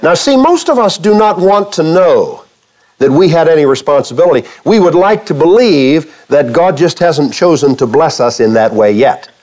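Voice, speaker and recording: A male pastor preaching in church, his voice sitting a little high and swinging widely in pitch. He throws questions out to the congregation and slips into playful quoted voices to make his point. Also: expressive, moderate pace, darkish tone. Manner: acts out quoted speech for humor. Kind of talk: sermon.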